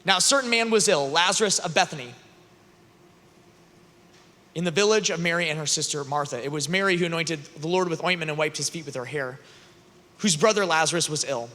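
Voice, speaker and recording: A high, bright male voice delivering a lively, joking sermon to young people. He retells the scripture story and slips into playful character voices. The sound carries a long echo from a large hall. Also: a little fast, long pauses. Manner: animated, joking, acts out characters. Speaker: youth conference speaker. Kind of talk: humorous preaching and scripture storytelling. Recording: long reverb of a large venue.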